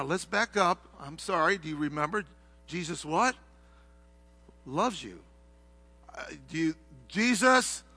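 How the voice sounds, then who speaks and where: A middle-aged man preaching a sermon, swinging from hushed, low passages to shouted, heated ones. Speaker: pastor.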